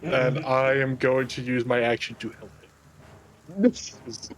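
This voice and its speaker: A man's voice: mid-range voice, steady tone, slow pace, a little hiss or hum. A man playing in a tabletop game who talks in a wry, joking way. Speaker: player. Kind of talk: casual tabletop game chat.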